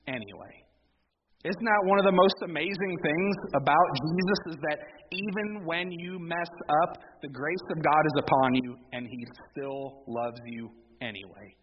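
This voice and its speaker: A man's voice: on the high side, measured pace, noisy background. A man in his thirties preaching a sermon in a conversational, folksy way, with asides and small laughs. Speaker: pastor. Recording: dull lo-fi audio with long hall reverb.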